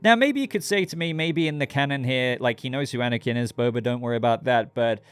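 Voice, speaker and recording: A man's voice: mid-range voice, fast talker, clear, resonant tone, no echo, soft background music. A man hosting his own channel, giving a casual, rambling episode review and talking straight to his viewers. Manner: rambling, chatty, addresses viewers directly.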